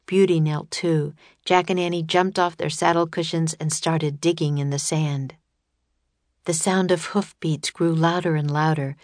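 A woman's voice: deep voice, steady tone, measured pace, a little mellow, dry recording. Woman reading a children's storybook. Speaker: audiobook narrator. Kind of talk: scripted storybook narration.

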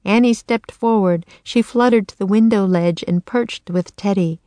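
A woman narrating a children's chapter book in a clear, measured storytelling manner. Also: mid-range voice, dark tone, no echo. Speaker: audiobook narrator. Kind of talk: children's audiobook reading.

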